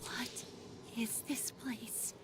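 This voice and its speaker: A woman voicing a worried young woman in a fantasy adventure game, soft and anxious in her video game dialogue. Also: extremely slow, heavy background noise. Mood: remorseful. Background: game music.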